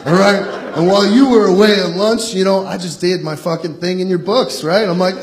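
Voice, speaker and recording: Speaking fairly quickly with hardly any pauses, the high-pitched young comedian from Long Island, New York, runs a profane set poking fun at himself, laughing between jokes. Background noise and loud laughter ring through the roomy comedy club.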